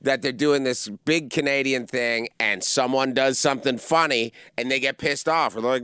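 A man with a bright, crisp voice runs a casual comedy podcast, riffing loosely on stories and dropping into mocking impressions. The studio sound is tight and dry, with no room around him. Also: mid-range voice, normal speed, few pauses, no echo. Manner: riffing, switches into loud mocking quote voices. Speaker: podcast host.

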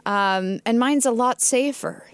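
A woman's voice: a little high, measured pace, no echo. Woman in her twenties, actress guest, casual storytelling, swearing, dry close sound. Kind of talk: casual chat.

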